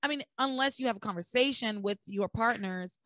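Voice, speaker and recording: A young woman hosts a casual podcast, animatedly retelling soap scenes and dropping into lower voices for the characters. Her voice sits a little high. The recording is close and dry. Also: a little fast, no room sound. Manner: animated storyteller acting out dialogue in lowered voices. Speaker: podcast host recapping a soap opera. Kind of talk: casual chat.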